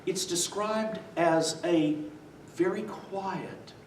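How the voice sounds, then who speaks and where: Slow, high-voiced man lecturing in an echoey room. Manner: quizzes the audience with "what?" prompts; chuckles while telling stories. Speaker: visiting lecturer on the New Testament. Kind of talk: church adult-education lecture. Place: church meeting room with a live audience. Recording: echoey room from far off, faint noise.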